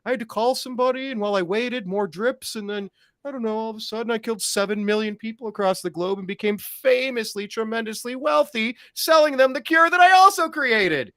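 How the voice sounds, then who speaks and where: A man puts on a shrill, whining parody of a careless scientist. The voice shoots far above his own and races along in a sing-song lilt, dry and close to the mic. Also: pushed and bright, dry recording, full character voice. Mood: mocking. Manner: high, fast, sing-song mockery. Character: mocking impression of a whiny man scientist.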